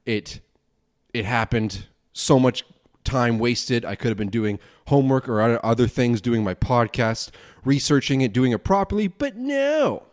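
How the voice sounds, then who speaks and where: A man's voice: medium pitch, steady tone, normal speed. A young man hosting his own podcast alone, ranting angrily with plenty of swearing and rambling asides. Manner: angry, profane, rambling rant. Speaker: podcast host.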